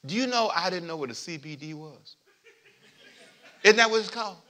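A male pastor preaching a sermon in church, swinging from loud emphatic points to quiet asides and calling on the congregation to repeat after him. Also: high-pitched, moderate pace. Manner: lively preaching with call-and-response to the congregation.

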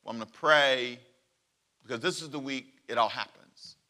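A man preaching a sermon as pastor, animated and joking, drawing the congregation into call and response. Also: mid-range voice, normal speed. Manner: animated, plays out quoted voices and jokes with the congregation.

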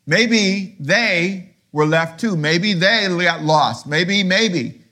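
A middle-aged male pastor preaching a sermon, firing rhetorical questions and swinging from low murmurs to loud, high emphasis. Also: very slow.

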